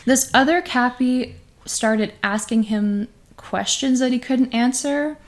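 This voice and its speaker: A woman's voice: fairly high pitch, slow. A woman co-hosting a casual podcast, retelling an eerie story and laughing often as she talks. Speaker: podcast co-host.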